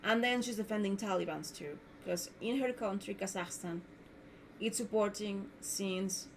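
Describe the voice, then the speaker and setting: A woman's voice: mid-range voice, measured pace, a little hiss or hum. A woman hosting her own podcast, delivering an indignant, repetitive rant as a solo monologue. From Mexico. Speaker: podcast host.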